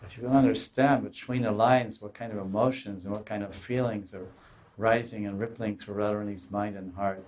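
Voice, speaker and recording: A man's voice: on the low side, steady tone, brisk. Man giving a devotional scripture lecture. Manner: breaks into raised, pleading voices when quoting devotees; restarts and searches for words.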